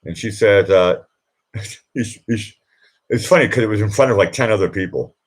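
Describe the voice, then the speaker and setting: A man's voice: fairly low pitch, normal speed. A man hosting a casual live chat, telling rambling stories with frequent laughs and fillers. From Boston. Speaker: live stream host. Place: indoors at home.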